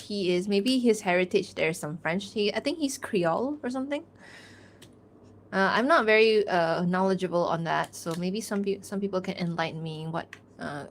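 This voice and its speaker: A woman's voice: medium pitch, slight background noise. Young woman, casual stream chat, rambling, fillers, laughs often. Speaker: artist streaming a drawing Q&A. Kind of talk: casual livestream chat while drawing.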